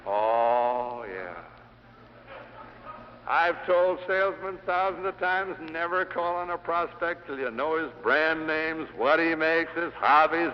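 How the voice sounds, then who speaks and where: A man's voice: on the high side, a little hiss or hum. A middle-aged man giving an after-dinner sales speech to a hall audience, telling anecdotes with punchy, dry humor. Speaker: sales lecturer. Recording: dull 1960 LP of a hall speech.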